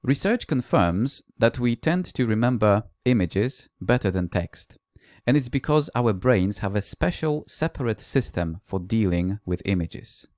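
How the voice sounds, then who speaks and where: Low-voiced man giving a conference talk. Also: lively intonation, a little slow, a little mellow, dry recording, studio quality. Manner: explanatory, classroom anecdotes, occasional "uh" fillers. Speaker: language teacher and conference speaker. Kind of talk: recorded conference presentation.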